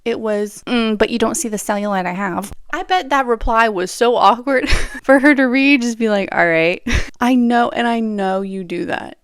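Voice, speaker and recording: A young woman hosting a casual solo podcast, talking in an animated, chatty way with frequent laughs and playful acted-out quotes. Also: fairly high pitch, no echo, studio quality. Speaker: podcast host.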